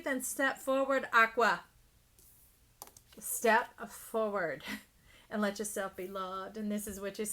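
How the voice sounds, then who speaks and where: A woman giving an intuitive tarot reading, talking expressively and now and then dropping to a soft whisper. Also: fairly high pitch. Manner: animated, drops to soft whispers. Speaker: tarot reader.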